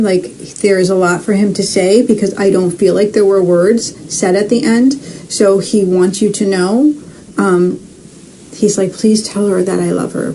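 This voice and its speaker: Woman, livestream host, casual chatty talk, mellow tone, faint hiss behind. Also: medium pitch, rough recording. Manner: chatty, swears, speaks to viewers by name. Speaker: psychic medium host. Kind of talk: live-streamed reading.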